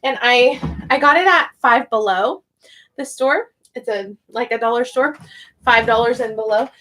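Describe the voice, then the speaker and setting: A woman's voice: a little high, normal speed, fairly bright tone. A young woman, an online English teacher, chatting casually on a livestream and thinking aloud with frequent laughs.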